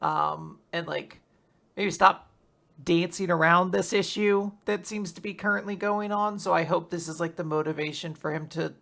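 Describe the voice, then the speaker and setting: Gravelly, bright-voiced co-host chatting. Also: medium pitch, fairly even intonation, normal speed. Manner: chatty, hedging with fillers. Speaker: podcast co-host. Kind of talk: casual recap chat.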